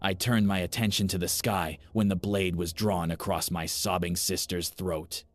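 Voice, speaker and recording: A man giving grave, measured first-person narration of a scripted horror story. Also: sits low, steady tone.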